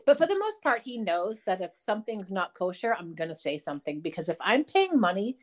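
A woman co-hosting a podcast in casual chat, telling stories in an animated, profane way. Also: medium pitch, a little fast. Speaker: podcast co-host.

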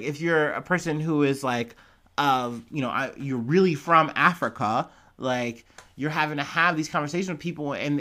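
A man giving a casual commentary on a story, rambling with lots of fillers and restarts. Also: on the high side. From United States. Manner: rambling, filler-heavy, animated retelling.

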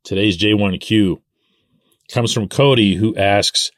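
Male podcast host with a deep voice, sardonic and opinionated, recorded dry and close. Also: takes it slowly, no echo. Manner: sardonic, animated, drops to mutters and asides. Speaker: podcast host and sports columnist. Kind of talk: opinionated solo podcast commentary.

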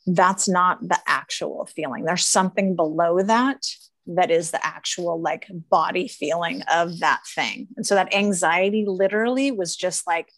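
A woman's voice: on the low side, measured pace, a bit bright, dry recording. A woman talking earnestly and emphatically in a casual conversation, laughing often as she coaches.

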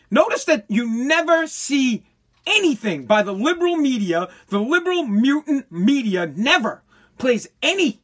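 A man delivering an angry political rant, heated and profane, stumbling over restarts and bursting into shouts. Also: very high-pitched. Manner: stumbling restarts when worked up.

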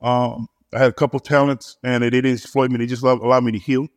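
A man, a pastor, telling his story in casual conversation, halting with many repeated words and fillers. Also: mid-range voice, flat delivery, dry recording. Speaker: pastor and church planter.

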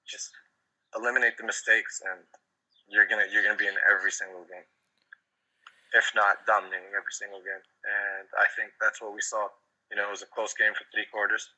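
A man's voice: on the low side, flat delivery, a little fast, bright, forceful tone, rough recording. A man co-hosting a casual sports podcast, ranting in a heated, exasperated way about plays. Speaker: podcast co-host.

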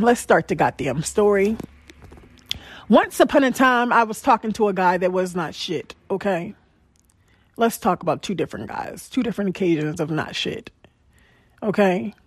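A woman's voice: a little high, no echo, clean studio sound. A young adult woman podcast host tells a personal story in a blunt, profane, emphatic way. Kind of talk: candid storytelling monologue.

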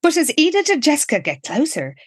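A woman's voice: sits high, wildly swooping pitch, fast talker, no room sound. A woman co-hosting a podcast, reading episode blurbs aloud and commenting wryly in a casual chat. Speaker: podcast co-host.

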